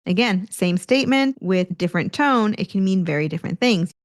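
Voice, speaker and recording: Energetic woman podcast coach, dry mic. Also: mid-range voice, a little fast, dry recording. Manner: energetic, demonstrates tone shifts, occasional laughs. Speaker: career coach podcast host. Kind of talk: solo podcast teaching.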